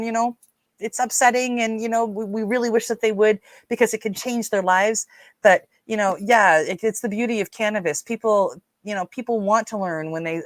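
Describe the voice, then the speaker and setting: A woman's voice: mid-range voice, no echo. A woman with a Newfoundland accent hosting a casual livestream, chatting with viewers and reading their comments aloud with lots of fillers. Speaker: livestream host.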